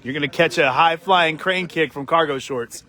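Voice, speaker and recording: Reporter, male, mid-high voice, casual jokey outdoor interviewer. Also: moderate pace, pushed and bright. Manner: playful, punny, self-mocking. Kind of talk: casual joking street interview. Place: outdoors at a horse stable.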